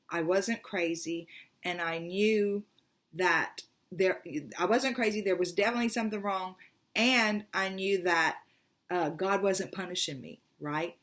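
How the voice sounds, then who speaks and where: A woman hosting a tarot channel, telling a personal story in a rambling, animated way and acting out the voices she quotes. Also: mid-range voice.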